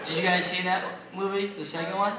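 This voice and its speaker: Young man, brash stand-up delivery, slightly high voice, taped from the back of an echoey theater. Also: fairly quick, heavy background noise. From Pennsylvania, USA. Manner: brash, deadpan punchlines, shouts in put-on quotes. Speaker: stand-up comedian. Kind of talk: stand-up comedy set. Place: large theater stage. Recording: echoey theater taped from far off, loud crowd laughter.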